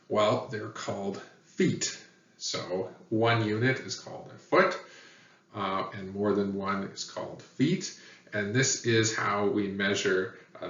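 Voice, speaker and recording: Low-voiced man teaching in an echoey room. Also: a bit bright. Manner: plain, patient, with many uh fillers. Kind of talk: explanatory lecture. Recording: echoey, dull, far from mic.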